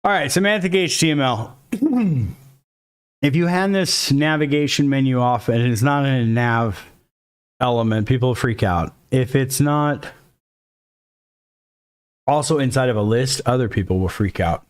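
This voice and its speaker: A man's voice: medium pitch, a little slow, pauses often, clear, resonant tone. A man teaching a casual screen-recorded coding lesson, thinking aloud and dropping jokey, self-deprecating asides as he works. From Mexico. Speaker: coding instructor.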